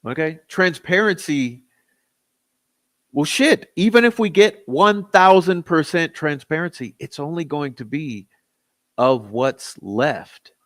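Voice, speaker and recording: A man's voice: a little high, animated, slow. A man hosting a true-crime commentary channel, talking in a skeptical, exasperated way. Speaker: channel host.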